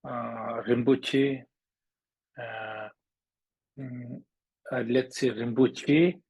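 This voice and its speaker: Husky Bhutan-born man teaching a lesson. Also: mid-range voice, steady tone, a little mellow, no echo, rough recording. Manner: halting, repeats words, drills sounds aloud. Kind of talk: language lesson.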